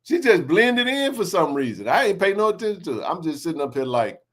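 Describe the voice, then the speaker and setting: A man's voice: high voice, fairly quick. A man in his forties hosting a sports podcast, telling neighborhood stories in a laughing, slangy way. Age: 40s. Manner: laughing, animated storyteller with slang. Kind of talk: casual storytelling chat.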